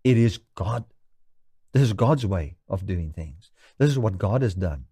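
A man from South Africa preaching a sermon, earnest, slowing down to stress key lines. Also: deep voice, animated, warm tone, breathy edge, dry recording.

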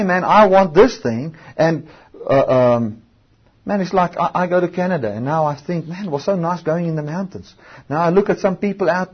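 A man's voice: high-pitched, slightly rough, muffled recording. A man preaching a sermon, stretching out key words for emphasis and often restarting his sentences. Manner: emphatic, drawn-out stresses, frequent restarts.

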